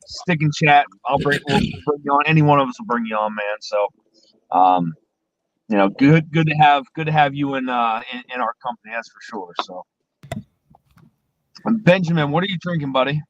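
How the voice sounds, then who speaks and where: A man's voice: medium pitch, lively intonation, normal speed, lo-fi sound. Laid-back man chatting on a livestream. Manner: laid-back, says "man" and "buddy" a lot. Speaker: livestream host. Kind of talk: casual chat. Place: parked car.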